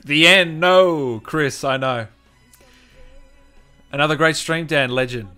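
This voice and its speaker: A man's voice: fairly high pitch, takes it slowly, bright, forceful tone, smooth, soft background music. A man hosting a livestream, upbeat and chatty, thanking viewers by name. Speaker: host. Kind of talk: livestream chat.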